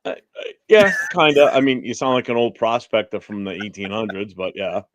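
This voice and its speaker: A man's voice: on the low side, expressive, brisk, dry recording. A man from the United States, co-hosting a casual livestream chat in a rambling way full of "you know". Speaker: co-host.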